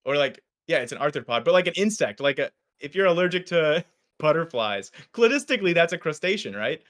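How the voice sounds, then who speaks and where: Halting, slightly high-voiced man guest. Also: sing-song, fairly bright tone. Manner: halting, full of "like" and quick laughs. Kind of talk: casual chat on a live stream.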